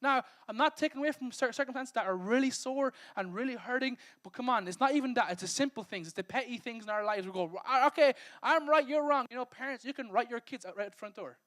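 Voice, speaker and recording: High-voiced Irish pastor preaching lively. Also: male voice, fast talker, hardly any pauses. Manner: lively, conversational preaching that acts out quotes and laughs at himself. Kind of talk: sermon. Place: church service.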